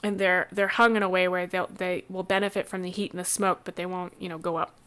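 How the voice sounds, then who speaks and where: A woman's voice: fairly low pitch, clean tone. Woman narrating a tabletop game. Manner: relaxed, halting narration with many restarts. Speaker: game master.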